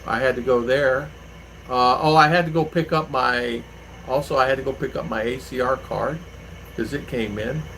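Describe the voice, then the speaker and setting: A man's voice: medium pitch, steady tone, moderate pace, gravelly, a bit bright, low-quality recording. Rambling man vlogging with a faint hum. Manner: rambling, anecdotal, with many fillers. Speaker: vlogger, channel host. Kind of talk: casual chat to viewers. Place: home in the Philippines.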